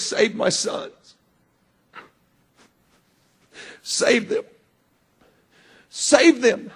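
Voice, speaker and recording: A middle-aged man preaching a sermon with impassioned delivery, often shouting and swinging sharply between loud and quiet. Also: extremely high pitch.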